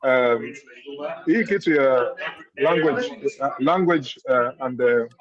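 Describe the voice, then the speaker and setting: A man's voice: mid-range voice, lo-fi sound. A man with a Kenyan accent chatting on a panel, rambling with many restarts and slipping Swahili into his English. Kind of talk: casual panel chat.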